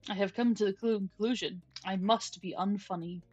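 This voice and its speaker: Recorded dry on a dull lo-fi stream mic, this young woman's mid-range voice is slightly rough, with fairly even intonation and a moderate pace. She chats casually while gaming, rambling through stories with restarts and softly cooing at her pet. Faint music is audible in the background.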